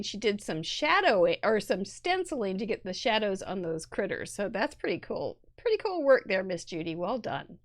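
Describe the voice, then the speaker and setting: A middle-aged woman with a Midwestern American accent hosting a live crafting show, chattily reviewing viewer cards with puns and restarts. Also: on the high side. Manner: chatty and punny, rambling with restarts.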